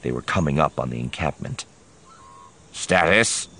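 A man's voice: deep voice, big pitch swings, normal speed, very noisy. A man narrating an audiobook dramatically, voicing each character himself.

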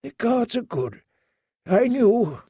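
A man's voice: extremely high pitch, big pitch swings, slow pace, slightly rough, no room sound, studio quality, voice pushed up, exaggerated voice. A man doing a faint, wounded old scholar. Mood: faint, tender. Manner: soft, faint, gentle. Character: wounded old male scholar, weak and gentle.

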